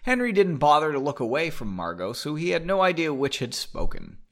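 A man's voice: a little high, very animated, fairly quick. A man reading a story aloud casually, breaking off into playful, self-mocking asides. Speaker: story reader.

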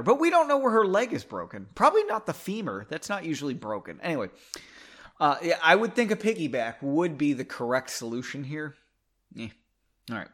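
Male author, reads his book and rambles, lively pitch, slightly high voice. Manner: rambling, self-deprecating asides. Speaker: author reading his novel. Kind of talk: audiobook reading with casual asides.

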